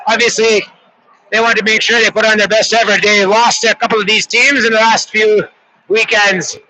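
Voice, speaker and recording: A man's voice: sits high, pushed and bright, a little hiss or hum, rough recording. A middle-aged Canadian man calling a youth hockey game in a put-on Irish accent, chatty and playful with rambling asides. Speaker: hockey play-by-play announcer. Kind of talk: joking live game commentary.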